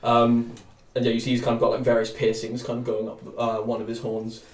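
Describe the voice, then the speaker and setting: A man narrating a tabletop game in a loose, rambling way, stacking fillers as he describes scenes. His mid-pitched voice sits in a roomy space, picked up from some distance. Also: completely flat delivery, brisk, darkish tone. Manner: rambling, many fillers and restarts. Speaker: game master.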